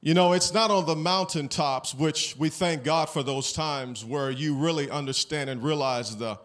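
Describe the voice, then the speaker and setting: A man's voice: on the high side, normal speed, a bit bright. A man preaching a sermon as pastor, talking plainly and asking the congregation questions. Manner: conversational, asks the congregation questions.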